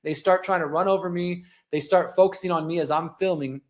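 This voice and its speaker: A man in his forties hosting a live show with a slightly higher voice. He tells a personal story in an impassioned, conversational way. He talks viewers through video clips as he goes. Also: steady tone, a little fast. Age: 40s. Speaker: host.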